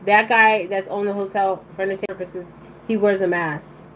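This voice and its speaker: A woman's voice: medium pitch, fairly even intonation, normal speed, a bit bright, a little hiss or hum, rough recording. A woman giving a live-streamed oracle card reading to her viewers. She rambles bluntly in casual slang and keeps checking in with "okay?".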